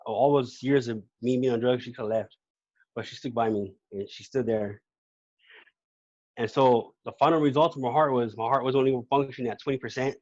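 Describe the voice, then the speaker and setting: A man shares his own story as a podcast guest in a relaxed, slangy way. He stumbles and repeats words as he goes. His voice sits at a middling pitch, and the recording is dull and lo-fi. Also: a little fast, dry recording. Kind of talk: casual personal testimony.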